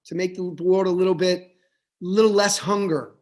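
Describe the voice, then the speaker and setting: High-pitched rabbi guy preaching over a video call, reflective, lots of restarts. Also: fairly even intonation, normal speed, darkish tone. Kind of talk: Hanukkah sermon.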